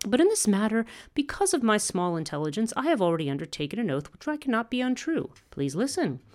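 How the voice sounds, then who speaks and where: A speaker voicing a calm, smiling goddess while reading a scripture passage aloud in a measured, formal way. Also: medium pitch, voice pushed up, lightly acted. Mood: serene. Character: serene fierce goddess, calmly smiling.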